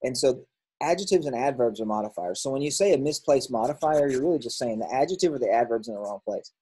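During a grammar lesson, a man reads out workbook answers, thinking aloud and self-correcting throughout. He talks fast in an expressive, husky, mid-range voice, captured on a low-quality recording.

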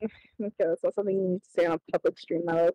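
A woman's voice: fairly low pitch, steady tone, quick pace, mellow, no room sound, poor audio. A young woman streamer chatting casually while gaming, laughing and swearing often.

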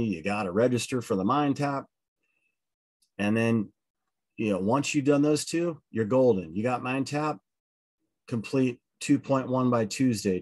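A man's voice: mid-range voice, a little mellow. A middle-aged man, going over a course calendar on the first day of a college logic class in a candid, blunt, chatty way with many asides.

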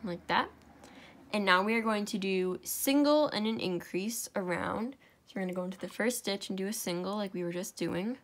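Young adult woman hosting a home craft tutorial; relaxed, chatty, fixes her slips aloud. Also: mid-range voice, moderate pace. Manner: chatty, self-correcting, talks while working. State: out of breath. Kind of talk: casual step-by-step craft tutorial.

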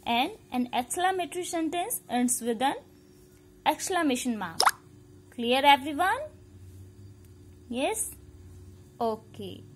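A woman teaches a children's grammar lesson. Her voice sits high, and she repeats each point and spells words out letter by letter. A faint hiss of background noise runs under the recording. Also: expressive, takes it slowly, pauses often. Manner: repetitive, checks understanding, mixes in Hindi. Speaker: school teacher.

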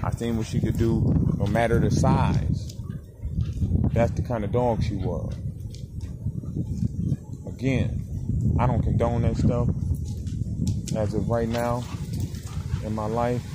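A man in his forties telling a story in a casual vlog, animated and swearing as he talks straight to the viewer. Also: mid-range voice, takes it slowly, long pauses, heavy background noise. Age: 40s. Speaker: dog breeder. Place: outdoors walking a dog.

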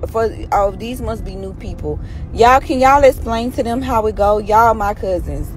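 A hoarse woman chatting casually with her followers on a phone live stream from inside a car, teasing and scolding them. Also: fairly high pitch, normal speed, soft background music. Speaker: social media personality on a live stream.

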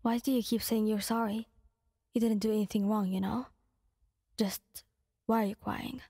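A woman voicing a calm, caring teenage boy hero in whispered role-play, soft and gently coaxing. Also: mid-range voice, normal speed, vocal fry, slightly rough, dry recording, clean studio sound. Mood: gentle.

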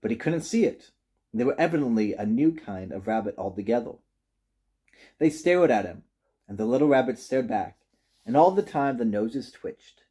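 A man reading a children's storybook aloud with gentle, expressive narration. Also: mid-range voice, moderate pace, breathy edge. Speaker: reader.

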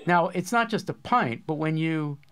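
A man's voice: fairly high pitch, lively intonation, normal speed, fairly bright tone, clear, resonant tone. A man hosting a poetry course discussion, explaining ideas with eager enthusiasm in a casual academic way.

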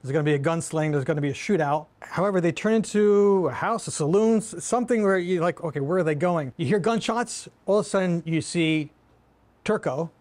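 A man's voice: a little high, fairly quick, few pauses, a little mellow. A man co-hosting a film review show, telling stories with enthusiasm and animation. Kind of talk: casual chat. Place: production studio.

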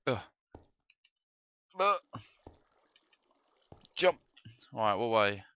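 A man's voice: lowish voice, sing-song, extremely slow, bright, forceful tone, smooth, no echo. A young man giving jumpy let's-play commentary on a horror map, swearing freely when startled. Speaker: gaming video host.

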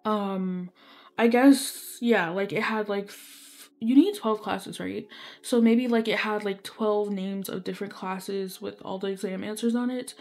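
A woman's voice: mid-range voice, steady tone, unhurried, darkish tone. Young woman gaming creator, rambling, filler-heavy storyteller who keeps apologizing. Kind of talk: casual storytelling while playing.

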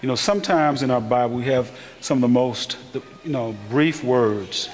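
A man's voice: mid-range voice, normal speed. A male pastor giving an informal sermon in a church, talking conversationally, asking the congregation questions and growing more emphatic. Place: church sanctuary. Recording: echoey church hall, faint background hiss.

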